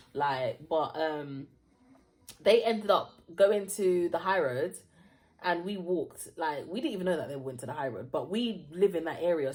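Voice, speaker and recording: In her vlog, a young woman with a lowish voice tells a casual storytime tale. She's animated, acts out the voices of the people involved, and laughs often.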